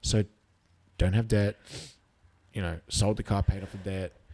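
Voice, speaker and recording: Aussie bloke in his 30s, low-pitched, loose sweary podcast storyteller. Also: unhurried. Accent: Australian. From Australia. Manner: animated, swears freely, acts out quotes. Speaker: guest, competitive eater. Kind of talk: casual storytelling with profanity.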